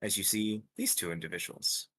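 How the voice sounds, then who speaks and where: Bright-voiced young man as game master. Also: lowish voice, fairly even intonation, husky. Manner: hesitant, lots of ums, slow descriptive pacing. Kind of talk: narrating a tabletop game.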